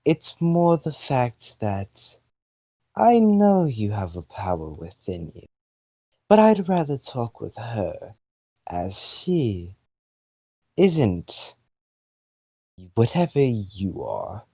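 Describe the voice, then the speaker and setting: A man's voice: mid-range voice, wildly swooping pitch, very slow, pauses often, warm tone, breathy edge, dry recording, exaggerated voice. A man voicing a haughty, British-accented female fire goddess who speaks in an imperious, scornful way. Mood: cold.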